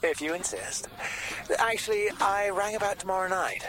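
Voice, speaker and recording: An actor playing a flirtatious, smooth-talking man, teasing on the phone in a radio drama. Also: high-pitched, moderate pace, fairly bright tone, low-quality recording. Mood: flirty.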